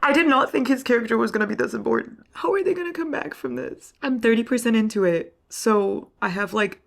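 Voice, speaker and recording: A woman's voice: a little high, expressive, brisk, vocal fry. A young woman reading and gushing in a casual, emotional book vlog, swearing freely. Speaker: book vlogger.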